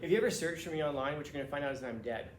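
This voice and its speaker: A man teaching a class, telling a casual, animated story with restarts and laughs. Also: fairly high pitch, rapid-fire, echoey room, a little hiss or hum.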